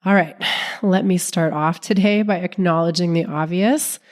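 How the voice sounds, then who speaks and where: A woman relationship coach hosting her own podcast, talking calmly and steadily while sick, her voice sounding off from illness. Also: on the low side, normal speed. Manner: calm, steady, non-judgmental explaining. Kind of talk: solo podcast talk.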